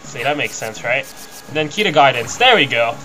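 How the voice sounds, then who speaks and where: A man's voice: mid-range voice, lively intonation, brisk, bright, forceful tone, poor audio. A young man casually commenting on his gameplay as a let's play host, rambling and easygoing. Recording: game music behind the voice. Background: video game music.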